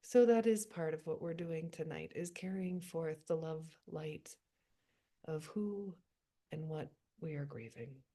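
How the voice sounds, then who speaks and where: A woman leading an online poetry workshop over a video call. She speaks softly and reflectively and reads short lines aloud one after another. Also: low voice. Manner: soft, unhurried and reflective. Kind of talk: gentle writing-workshop facilitation.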